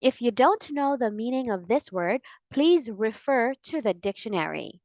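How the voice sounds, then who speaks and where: A woman teaching English pronunciation, speaking patiently and repeating model sentences slowly. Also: fairly high pitch, lively intonation, darkish tone, no echo. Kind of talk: slow, deliberate pronunciation lesson. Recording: dry, slightly dull sound.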